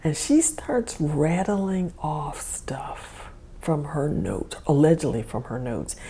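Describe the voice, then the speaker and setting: A woman's voice: low voice, animated, takes it slowly, warm tone, slight background noise. A woman hosting a podcast, telling a personal story in a rambling, self-correcting way and chuckling often. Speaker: podcast host. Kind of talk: casual storytelling monologue.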